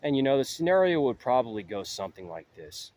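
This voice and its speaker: A man's voice: medium pitch, very animated, fast, a little mellow. A man talking to camera in a rambling monologue, filling his talk with "you know". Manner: heavy use of "you know" fillers. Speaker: vlogger.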